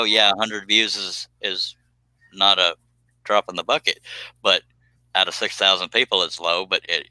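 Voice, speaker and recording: A man's voice: on the low side, bright, forceful tone, no echo, rough recording. A man hosting a casual live stream, joking and rambling while he works.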